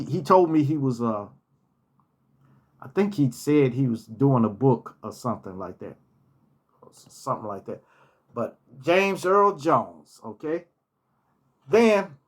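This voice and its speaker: A man casually telling personal stories from his hotel job, repeating key phrases for emphasis. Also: mid-range voice. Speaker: storyteller, former hotel manager.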